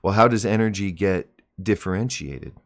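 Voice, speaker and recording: A man in his forties hosting a live mindset stream, explaining ideas in plain terms with a relaxed, joking manner. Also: on the low side, normal speed. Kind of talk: live stream talk and teaching.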